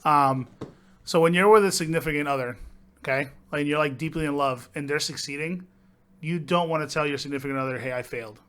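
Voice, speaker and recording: Excitable young man, bright and high. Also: a little fast, clean tone. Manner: enthusiastic, swears casually, argues his point. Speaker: podcast co-host. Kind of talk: casual movie chat.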